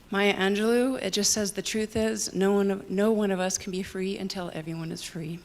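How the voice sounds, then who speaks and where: A woman's voice: medium pitch, fairly even intonation, moderate pace, few pauses, a little hiss or hum. A woman, a nurse and veteran, giving public comment at a council meeting, nervous and emotional.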